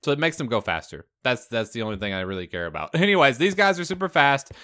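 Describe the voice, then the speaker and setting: A young man, his Southern US accent mostly hidden, gives casual commentary as he plays a game, thinking aloud. His mid-range voice is very animated, quick, bright and forceful. He's chatty and upbeat, using fillers and laughing.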